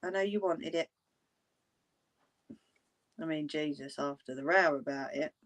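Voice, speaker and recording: A woman's voice: sits low, a little slow. A woman chatting casually with livestream viewers, blunt and laughing often. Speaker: livestream host.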